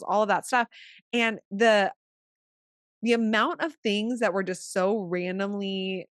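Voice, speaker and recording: A woman co-hosting a podcast who tells stories in an animated way, laughing often. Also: mid-range voice, takes it slowly, clear, resonant tone, no echo, clean studio sound. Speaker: podcast co-host, retreat leader. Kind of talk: casual chat.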